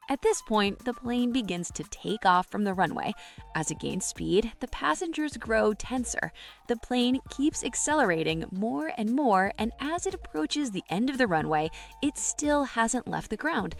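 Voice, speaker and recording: A woman's voice: medium pitch, animated, normal speed, soft background music. A woman narrating jokes in a scripted, storytelling style, lifting her voice for quoted characters. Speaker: joke narrator.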